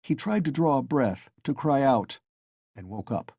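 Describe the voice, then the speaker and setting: A man narrating an audiobook in a steady storytelling manner on a close mic. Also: mid-range voice, unhurried, creaky, husky, no echo. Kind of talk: scripted narration.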